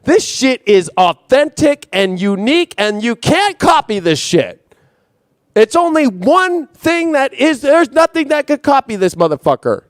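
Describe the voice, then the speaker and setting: Intense profane astrologer man, high voice. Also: no echo, studio quality. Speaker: astrologer host. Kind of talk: impassioned astrology monologue.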